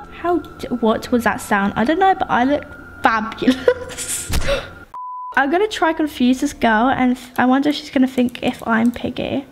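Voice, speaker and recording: A woman with a very high voice that leaps all over the place. She narrates her game in an excitable, playful running chatter, close to a desktop mic. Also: moderate pace, a little hiss or hum. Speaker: gaming YouTuber. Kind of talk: Roblox gameplay commentary.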